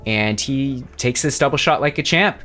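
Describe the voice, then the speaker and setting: A man's voice: medium pitch, normal speed, a bit bright, soft background music. A man narrating a tabletop game as game master, descriptive and wry.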